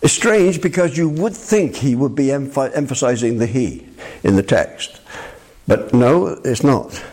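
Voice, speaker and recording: Older male preacher, husky timbre, animated and emphatic sermon delivery. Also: mid-range voice, a little slow. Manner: animated, emphatic, addresses listeners as my friend.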